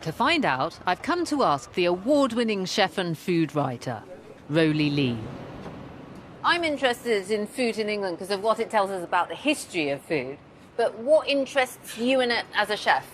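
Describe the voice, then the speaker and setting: A woman's voice: medium pitch, normal speed, a little hiss or hum. A woman historian and curator presenting and narrating a documentary with keen enthusiasm. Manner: enthusiastic, expressive.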